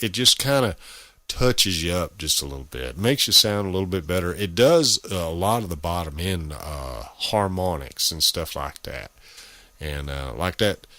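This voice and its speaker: Ham radio guy bragging about his gear, lowish voice that swings around a lot, crude folksy talk. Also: sharp tone, no room sound. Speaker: amateur radio operator. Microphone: close studio microphone.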